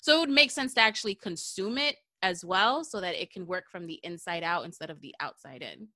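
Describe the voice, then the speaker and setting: Bright-voiced chatty woman in her thirties. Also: on the low side, animated, brisk, dry recording, clean studio sound. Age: 30s. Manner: chatty, slangy, laughs often. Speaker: podcast host. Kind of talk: casual chat.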